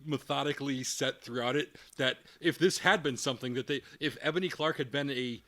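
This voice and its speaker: A man talking loosely on a movie podcast, sliding into mocking impressions of film lines. His voice sits at an ordinary middle pitch, and his delivery is easygoing and conversational. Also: a bit bright. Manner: acts out movie dialogue in quick put-on voices. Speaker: podcast host. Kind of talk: casual chat.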